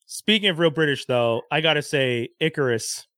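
A high-pitched man with a very lively, swooping voice chats animatedly and laughs often. His tone is bright and forward, recorded dry and close. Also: moderate pace, no echo. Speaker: podcast co-host. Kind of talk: casual chat.

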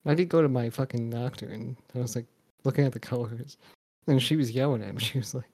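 A man's voice: mid-range voice, quick pace, dark tone. A man co-hosting a wrestling review podcast, rambling in casual chat, laughing and swearing as he tells stories. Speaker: podcast co-host.

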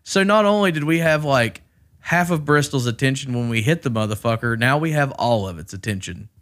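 A man spins a rowdy, profane tale on a podcast. He swears easily and throws his voice up high and loud whenever he acts out a quote. His voice sits in a middle register. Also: fairly quick. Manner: profane, animated storyteller who acts out quotes loudly. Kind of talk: casual storytelling chat.

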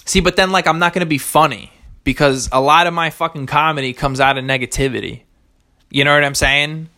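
A man's voice: a little high, fairly even intonation, fairly quick, sharp tone. Profane rambling young man podcasting. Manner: profane, rambling, self-contradicting. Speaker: podcast host. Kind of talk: casual solo podcast rambling.

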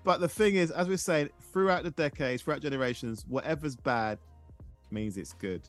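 A man in his forties hosting a casual nostalgia podcast, animated and tripping over his words. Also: fairly high pitch, moderate pace, faint music behind. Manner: animated, stumbles and repeats words. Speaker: podcast host.

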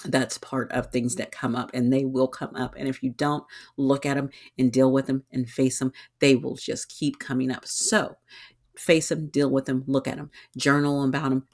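A woman talks on her own podcast in a relaxed, unscripted way. She is lively and often slips into little acted-out voices of her own thoughts. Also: extremely low pitch. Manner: animated, acts out her own inner voices. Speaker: podcast host and tarot reader. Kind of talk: casual solo podcast talk.

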